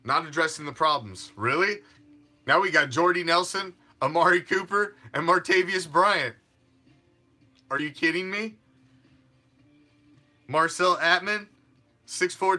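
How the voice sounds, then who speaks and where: A man's voice: on the high side, pushed and bright. A man hosting a fan sports show, ranting in a fired-up, profane and mocking way. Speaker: fan podcast host.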